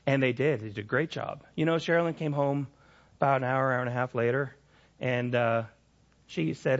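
A man's voice: mid-range voice, fairly quick, fairly bright tone, muffled recording. A middle-aged man preaching a sermon, telling personal stories candidly with frequent restarts and repeated phrases. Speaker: pastor.

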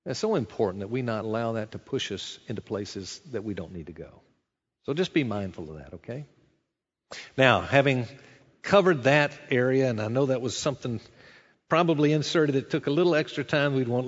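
A man preaching a sermon in an earnest, conversational way, asking rhetorical questions as a pastor. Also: mid-range voice. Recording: dull sound with long hall reverb.

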